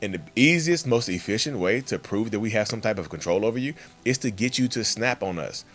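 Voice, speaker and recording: A man's voice: fairly low pitch, expressive, brisk, fairly bright tone. A man hosting a casual, emphatic monologue for his channel and addressing viewers directly as y'all. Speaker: channel host.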